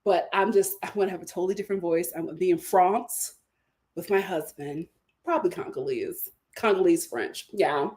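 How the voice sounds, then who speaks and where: A woman hosting a casual livestream, reading viewer comments aloud, laughing often and bursting into loud outbursts. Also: fairly low pitch, normal speed. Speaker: livestream host reading super chats.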